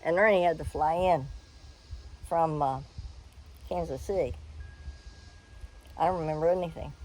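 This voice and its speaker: Frank older woman, low warm voice. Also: unhurried, poor audio. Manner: frank, animated, laughs and swears freely. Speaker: storyteller. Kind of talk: personal storytelling.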